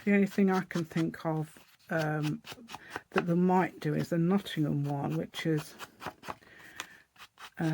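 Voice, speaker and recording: A woman's voice: deep voice, fairly even intonation, takes it slowly, vocal fry, long pauses, darkish tone, a little hiss or hum. A woman with an East Midlands English accent, chatting and rambling as she demonstrates a paper craft project step by step. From East Midlands, England. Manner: rambling, chatty, thinking aloud while working. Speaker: craft channel host. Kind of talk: casual crafting tutorial.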